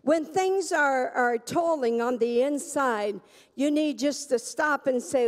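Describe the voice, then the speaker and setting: A woman pastor preaching a sermon in a church, slow and emphatic, drawing the congregation into call-and-response. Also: high voice, in a large hall. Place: church sanctuary.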